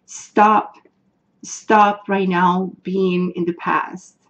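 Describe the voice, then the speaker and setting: A woman's voice: mid-range voice, measured pace, darkish tone, muffled recording. Earnest woman. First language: Spanish. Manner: earnest, emotional, repeats herself, searches for words. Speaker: tarot reader. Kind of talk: casual tarot reading to viewers.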